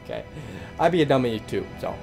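A man's voice: medium pitch, expressive, fast talker, gravelly. A young man doing casual commentary over a horror game, jumpy and swearing, with frightened yelps. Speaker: gaming YouTuber. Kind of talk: horror let's-play commentary. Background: game music.

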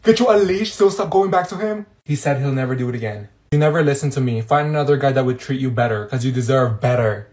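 A man performing short comedy skits, switching quickly between several schoolgirl characters and breaking into sassy shouted outbursts. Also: mid-range voice. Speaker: comedy sketch creator.

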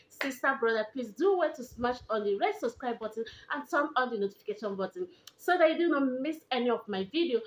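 Nigerian woman, young, high voice, chatty and animated, echoey room. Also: a little hiss or hum. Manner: chatty, animated, repeats herself for emphasis. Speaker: vlogger. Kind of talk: casual advice vlog.

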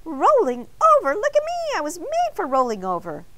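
A woman voicing a cheerful young male talking doughnut with a squeaky, excitable manner, in a storybook read-aloud. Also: moderate pace, full character voice. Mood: excited.

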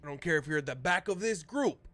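A man playing a gruff, bossy male mercenary leader who gives curt orders in a low voice, now and then whispered. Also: animated, fast, a bit bright, soft background music. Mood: stern.

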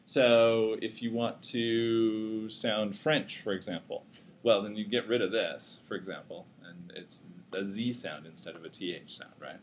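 A man's voice: on the low side, slight background noise. A man teaching a psychology class, lecturing casually and joking with his students. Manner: casual, joking, self-deprecating.

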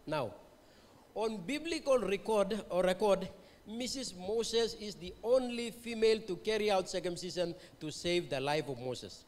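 A man with a Papua New Guinean accent preaches at a revival meeting, his voice sitting high for a man. He moves back and forth between English and Tok Pisin and keeps asking the listeners questions. The sound carries a long reverb from the church hall. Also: lively intonation, unhurried. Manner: mixes English and Tok Pisin, quizzes the congregation. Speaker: pastor. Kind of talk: revival sermon.

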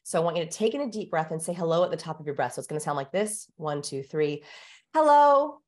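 Woman vocal coach, lowish voice, teaching step by step, calm and clear. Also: fast talker. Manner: instructive, demonstrates vocal tones. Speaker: communication expert guest. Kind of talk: explanatory coaching talk.

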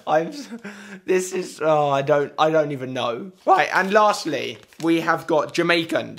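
A man's voice: a little high, lively intonation, a little slow, a bit bright. A young man with an English accent doing a casual, flustered accent challenge video, laughing at himself. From England. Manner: self-deprecating, giggly, flustered. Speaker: vlogger.

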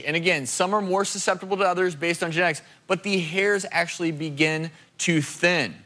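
Tv host guy, high voice, bright and punchy, chatting with the studio crowd. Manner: lively, addresses the audience directly. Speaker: TV talk show host. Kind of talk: energetic studio presentation. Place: TV studio with audience.

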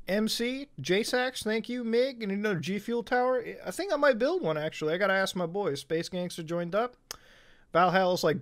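A man streaming live who rants in a high, sarcastic voice. He swears constantly, pushes every point hard, and keeps tacking "okay?" and "all right?" onto his sentences. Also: expressive, moderate pace, fairly bright tone. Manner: profane, emphatic, sarcastic. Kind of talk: casual live-stream rant.

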